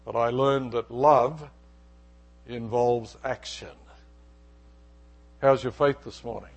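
Speaking slowly in a husky, mid-range voice with fairly flat intonation, a middle-aged male pastor weaves a personal anecdote into his sermon and performs the conversations in it.

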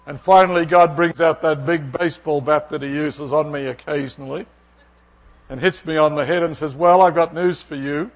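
A middle-aged man preaching a sermon from the pulpit. His voice sits a bit high for a man, and he tells a personal story with animation, acting out the conversation in it. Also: fairly even intonation, normal speed. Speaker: pastor.

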